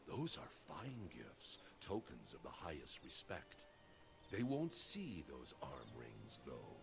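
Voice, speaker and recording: A man's voice: deep voice, wildly swooping pitch, slow, vocal fry, full character voice. An actor playing a sly male ally with a dry, wry delivery, in game audio with ambient noise.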